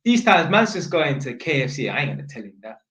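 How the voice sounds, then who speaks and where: A man's voice: fairly high pitch, very animated, fast talker, a bit bright, echoey room, poor audio. A young man with a London accent, telling a story to camera in casual street slang, with "innit" on almost every line, and acting out the voices of people he quotes. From England. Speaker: vlogger.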